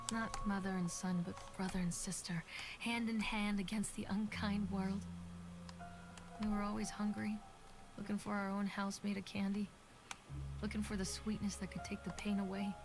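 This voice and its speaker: A wistful, weary mother, voiced by a woman in a horror game, speaking in a reflective, middle-pitched voice. Music plays clearly behind her. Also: close to an everyday voice. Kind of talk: scripted game monologue.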